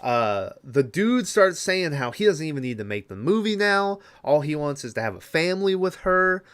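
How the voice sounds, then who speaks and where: Male podcast host, casual rambling recap, animated pitch, many ums and restarts. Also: moderate pace, clear, resonant tone. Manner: rambling, full of fillers and restarts.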